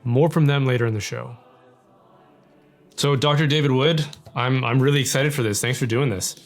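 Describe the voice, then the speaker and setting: A man's voice: medium pitch, normal speed, faint music behind. A man with a Canadian accent, hosting a casual interview and talking with many fillers and restarts. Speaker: host.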